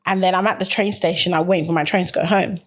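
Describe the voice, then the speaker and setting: Lively young British woman telling a story. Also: lowish voice, fast. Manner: animated, acts out quotes with bursts of laughter. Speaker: podcast guest. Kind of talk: casual storytelling chat.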